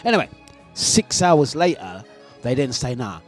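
A man hosting a breakfast radio show, telling a story in an animated, laughing way and acting out the scenes. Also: medium pitch, normal speed, soft background music. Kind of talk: casual storytelling on air.

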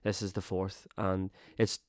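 A man's voice: low-pitched, completely flat delivery, a little slow, darkish tone, no room sound, clean studio sound. A young man hosting a casual podcast chat, swearing freely and laughing often. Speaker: podcast host.

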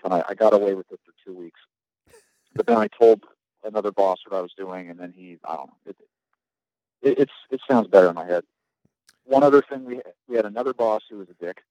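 Profane rambling man with a dark voice. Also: fairly low pitch, dry recording, muffled recording. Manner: profane, rambling storytelling with frequent restarts. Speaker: guest, navy veteran. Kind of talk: casual podcast chat.

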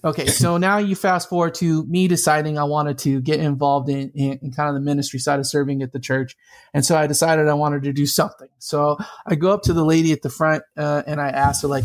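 A man telling a personal story in a casual conversation, animated and chatty, with lots of asides. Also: a little high, fairly quick.

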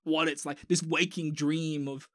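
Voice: medium pitch, level tone, a little slow, no room sound. Young Australian podcast host, rambling casual chat, full of restarts and swearing, dry close mic.

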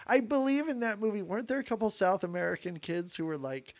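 Chatty high-voiced man co-hosting. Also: lively intonation, quick pace. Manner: chatty, laughs often, announces schedule. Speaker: podcast co-host. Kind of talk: casual chat.

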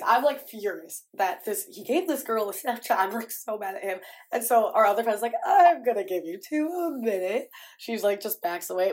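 A young adult woman hosting a podcast, chatting casually and telling stories with lots of "like". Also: medium pitch. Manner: chatty storytelling, heavy use of "like". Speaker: podcast host. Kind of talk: casual chat.

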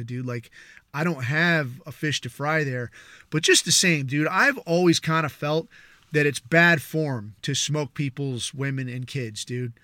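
Man, podcast host, casual rant, bright tense voice, fairly high, heavy swearing, rambling. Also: dry recording, clean studio sound. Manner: profane, rambling, peppered with "dude" and "man"; acts out others in quick mocking asides.

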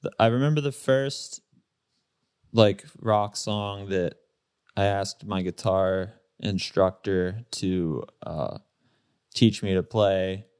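A man in his thirties, a guest in a casual interview, telling stories in a relaxed way with lots of fillers and laughs. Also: sits low, takes it slowly, clean tone, dry recording, studio quality. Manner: relaxed storyteller, laughs often, many fillers.

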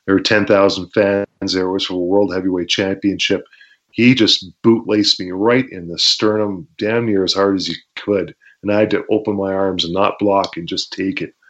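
Man with a low voice, animated storyteller who acts out shouts and crowd roars, muffled lo-fi recording. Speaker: guest, former pro wrestler. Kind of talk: storytelling interview. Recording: dull lo-fi sound.

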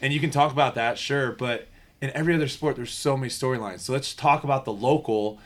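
A man hosting a casual sports podcast, talking animatedly and steering the discussion. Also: medium pitch. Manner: animated, steers the topic, quick asides. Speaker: podcast host.

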